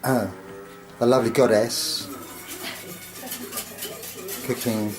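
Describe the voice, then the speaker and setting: A man filming a casual video tour of his home kitchen and garden, talking in a meandering way with many pauses and fillers. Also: medium pitch, little pitch movement. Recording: music clearly behind the voice.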